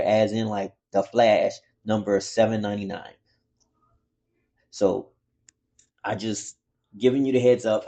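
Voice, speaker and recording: A man giving a casual, rambling comic book review, excitable and swearing freely. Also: on the low side.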